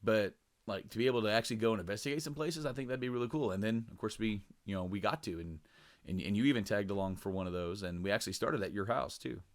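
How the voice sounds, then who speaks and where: A man with a slightly low voice, chatting loosely on a podcast. He rambles, circling back with fillers and restarts as he recalls things. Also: fast. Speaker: podcast co-host. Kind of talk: casual chat.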